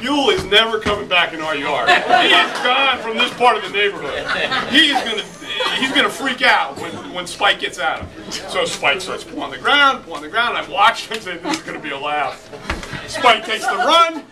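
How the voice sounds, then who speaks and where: A middle-aged man spins a comic story at a reunion party, laughing through it and bursting out loudly at the funny bits. His voice sits very high, and it is picked up from a distance by a camera. A loud crowd talks all around him. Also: very animated, normal speed. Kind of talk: animated anecdote told to a crowd.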